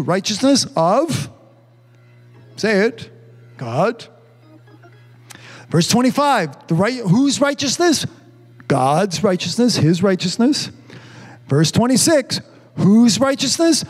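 Male pastor, high pitch, fervent sermon delivery with call-and-response, faint music bed. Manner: fervent, repeats amen and hallelujah; calls for congregation responses. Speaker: preacher.

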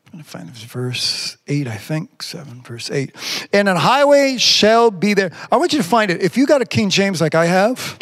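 Male pastor, fairly high voice, preaching a sermon; slow scripture reading, pitch climbs for emphasis. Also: very animated. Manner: preaching, reads scripture slowly, rises in pitch when emphatic. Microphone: remote stream from a device on batteries.

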